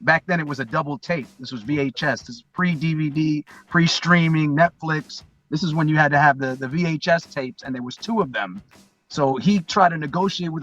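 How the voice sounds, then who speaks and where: Brief: husky male podcast guest, animated storyteller, slightly lo-fi sound. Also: on the high side, normal speed. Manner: animated storyteller, acts out quotes. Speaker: guest, hip-hop intro performer. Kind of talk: casual storytelling interview.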